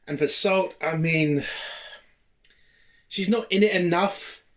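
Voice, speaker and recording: A man's voice: high voice, takes it slowly. A man from the UK giving a ranting TV episode review, exasperated and heavily profane throughout.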